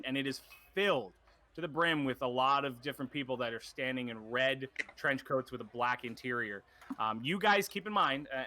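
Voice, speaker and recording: A man's voice: mid-range voice, bright, forceful tone. A man narrating as game master, casual and rambling, with lots of fillers.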